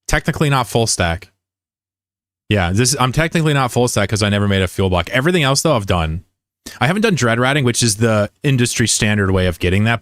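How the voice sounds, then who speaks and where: A man's voice: on the low side, fairly bright tone, dry recording, studio quality. A man streaming a game and chatting casually with his viewers, rambling and joking at his own expense. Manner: rambling and digressive, with many restarts; joking, self-deprecating.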